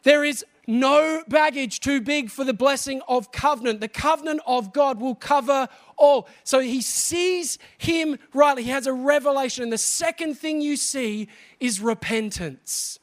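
A man preaching a sermon, animated and often asking the congregation questions. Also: extremely high pitch, measured pace, few pauses.

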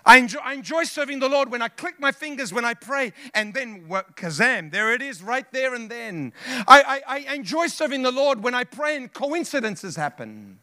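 A man's voice: very high voice, sing-song, moderate pace, pushed and bright, no echo, studio quality. A male pastor preaching a sermon with passion, repeating phrases and calling out to the congregation. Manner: impassioned preaching with repetitions and call-outs.

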